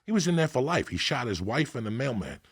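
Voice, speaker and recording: A middle-aged man with a gravelly, husky voice that has a lot of fry. He tells profane stories with animation and acts out the people he quotes. He is from Cuba. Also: medium pitch, very animated, quick pace. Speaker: podcast guest. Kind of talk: storytelling in casual chat.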